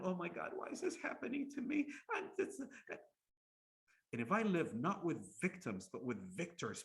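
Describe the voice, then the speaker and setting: Lively male storytelling preacher. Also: mid-range voice. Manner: lively, restarts words, acts out quotes. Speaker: Islamic lecturer. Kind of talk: storytelling sermon.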